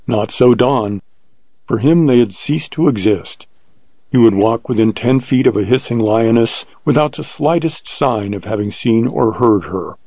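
A man reading a first-person adventure story aloud in a steady, measured way, on a dull lo-fi recording. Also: on the low side, vocal fry, breathy edge, no room sound. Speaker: audiobook narrator.

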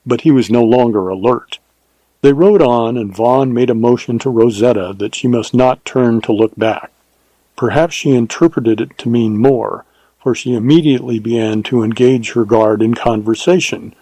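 A man reading a Western novel aloud in a steady, even storytelling manner. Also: medium pitch, slightly rough, dry recording, low-quality recording. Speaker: narrator. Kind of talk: scripted audiobook narration.

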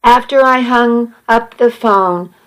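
A woman's voice: a little high, slow, fairly bright tone, low-quality recording. A woman narrating a first-person story in an earnest, emotional way.

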